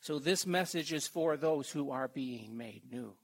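An older man preaching a slow, heartfelt sermon, his voice gravelly and husky. He reads scripture in an unhurried, halting way and drops now and then into near-whispers. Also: mid-range voice, animated. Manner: slow, halting, emotional delivery with soft whispered stretches.

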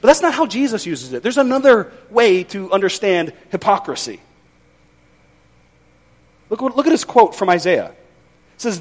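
Lively high-voiced male preacher. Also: normal speed, long pauses. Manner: conversational, folksy with wry humor. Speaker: pastor. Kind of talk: sermon.

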